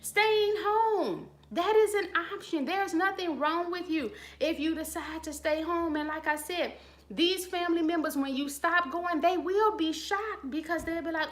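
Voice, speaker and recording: High-voiced woman giving blunt advice. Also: a little slow. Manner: blunt, preachy, casual slang. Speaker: channel host giving advice. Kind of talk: live-stream chat, reading viewer comments. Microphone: phone.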